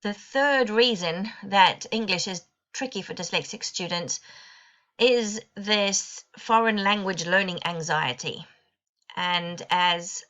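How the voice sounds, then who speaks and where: A woman giving an online presentation to teachers, explaining clearly with a lightly wry touch. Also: fairly low pitch, pushed and bright. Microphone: computer mic on video call.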